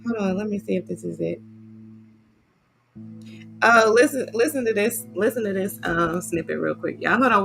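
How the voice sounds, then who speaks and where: Chatty woman with a gravelly voice. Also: medium pitch. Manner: chatty, animated, says y'all often. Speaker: vlogger reviewing a book. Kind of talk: casual chat.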